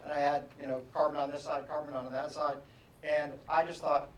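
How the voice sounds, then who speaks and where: A man giving a motivational keynote, telling a story with animated, self-mocking humor. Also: fairly high pitch, fairly quick. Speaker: motivational speaker. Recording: echoey hall from far off.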